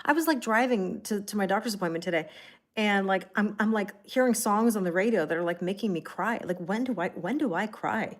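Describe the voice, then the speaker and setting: A woman's voice: medium pitch, brisk. A woman giving a casual live tarot reading. She chats in a rambling way, greets viewers by name and often fills gaps with "like". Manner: heavy use of "like" and restarts. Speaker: tarot reader.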